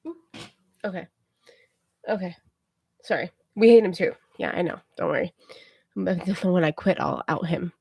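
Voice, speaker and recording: A woman livestreamer telling a story to her viewers in a casual, animated way, often checking in with them. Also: on the low side, moderate pace, creaky, dry recording, studio quality. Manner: chatty, animated retelling, keeps checking in with "okay?".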